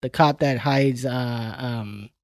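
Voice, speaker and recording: A man's voice: mid-range voice, slow, dry recording, clean studio sound. A man co-hosting a podcast in casual chat, laid-back and profane, ending his lines with "man". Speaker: podcast co-host.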